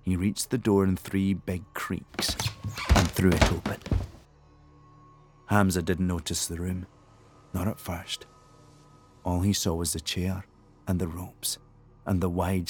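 A man reads a thriller audiobook in a very low, husky voice. His delivery is measured and tense, and it builds suspense line by line. Faint music plays underneath. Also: little pitch movement, a little mellow. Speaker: audiobook narrator. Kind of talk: scripted narration.

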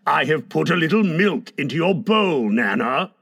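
A man's voice: fairly high pitch, big pitch swings, normal speed, fairly bright tone, husky, exaggerated voice. A man voicing a pompous, self-pitying middle-aged father in a storybook reading, blustering and indignant.

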